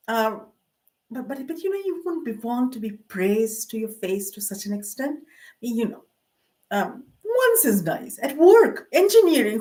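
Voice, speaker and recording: A middle-aged woman with a high, light voice rambles through personal memories to her camera. She wanders between thoughts, mocks herself and fills the gaps with "um" and "you know". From Canada. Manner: meandering, self-mocking, with frequent fillers and laughs. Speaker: vlogger.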